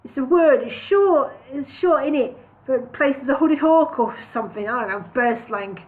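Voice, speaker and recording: A woman's voice: high voice, normal speed, pitched above the performer's own voice. A woman voicing a cocky male bird who talks street slang and insists he is a raven. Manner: street slang, squawking, excitable. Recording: tinny phone-like sound.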